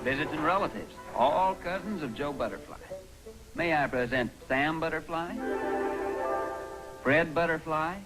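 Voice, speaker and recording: An actor plays a wide-eyed, impish young soldier with a slightly raised voice and an innocent deadpan. It is 1950s film comedy, with loud music under the dialogue. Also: male voice, on the high side, measured pace, long pauses, natural voice, poor audio. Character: naive, impish young male GI.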